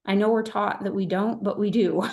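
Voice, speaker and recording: A woman's voice: medium pitch, steady tone, moderate pace, darkish tone. Earnest woman leading a motivational team call. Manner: earnest, emphatic and heartfelt. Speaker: direct-sales team leader. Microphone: video call.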